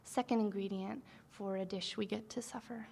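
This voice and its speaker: A woman poet reads her own work aloud before a live audience. Her delivery is soft and measured, and some phrases drop to a near whisper. Her voice sits at a middling pitch. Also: steady tone, gravelly, a little hiss or hum. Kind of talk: live poetry reading.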